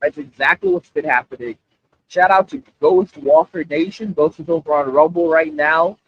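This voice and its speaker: A man's voice: fairly high pitch, moderate pace, breathy edge, no room sound, lo-fi sound. A man hosting a livestream, talking casually and repeating himself as he speaks straight to his chat. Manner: animated, repetitive, addresses chat directly. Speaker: livestream host.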